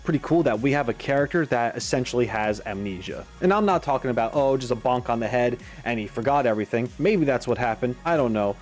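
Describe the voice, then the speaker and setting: A man hosting a game reaction video, talking in an animated, musing way with frequent asides. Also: medium pitch, fast, hardly any pauses, soft background music. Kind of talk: casual commentary.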